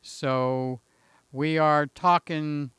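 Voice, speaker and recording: A man's voice: a little high, fairly even intonation, extremely slow, a bit bright, smooth, no echo, studio quality. Chatty older man greeting live viewers. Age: 60s. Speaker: livestream host. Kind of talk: casual chat to live viewers.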